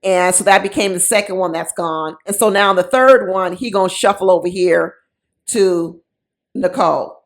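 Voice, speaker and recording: A woman's voice: on the low side, moderate pace. A woman giving casual, sassy commentary on a reality show, mocking the people in it with quoted voices.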